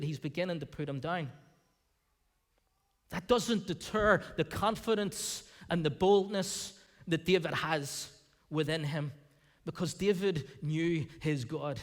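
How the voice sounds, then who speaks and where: A male pastor preaching a sermon in a church, animated, acting out the voices of the people in the scripture. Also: sits high, long reverb tail. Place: church sanctuary.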